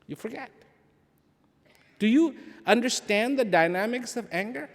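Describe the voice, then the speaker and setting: A man giving an inspirational talk to an audience, animated, asking rhetorical questions and repeating phrases for emphasis. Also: sits high, measured pace, vocal fry, pauses often. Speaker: speaker addressing an audience. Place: large event hall. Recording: long hall reverb.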